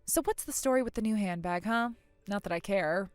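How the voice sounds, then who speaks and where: A woman's voice: medium pitch, fairly quick, clear, resonant tone, no echo, faint music behind. A woman voicing the fed-up older sister in acted story dialogue, dry and exasperated.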